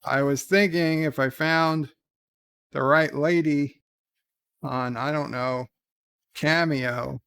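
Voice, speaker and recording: Brief: male streamer host, fairly high gravelly voice, rambling and hesitant, dry close mic. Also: steady tone, takes it slowly, pauses often, fairly bright tone, no room sound. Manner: rambling, hesitant, self-deprecating. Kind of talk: casual livestream, reading advice letters and chat.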